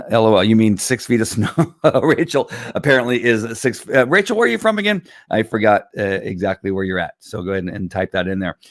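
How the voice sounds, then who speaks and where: A man streaming live from home, talking casually to viewers with a hoarse, tired voice, rambling with many fillers and throat clearing. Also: lowish voice, no echo, clean studio sound. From Southern California. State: hoarse, losing his voice. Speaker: live stream host selling wellness products. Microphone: computer or phone camera.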